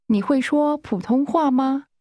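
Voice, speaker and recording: A woman modeling pronunciation for a language lesson, saying words and phrases deliberately and clearly. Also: high-pitched, dark tone, dry recording, clean studio sound. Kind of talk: slow, careful model pronunciation.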